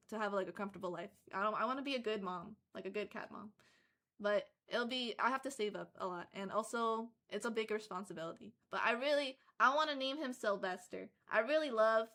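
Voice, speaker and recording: A woman's voice: mid-range voice, bright, forceful tone. A young woman livestreaming in casual chat, rambling with lots of fillers, who says she lives in Canada. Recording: faint music behind.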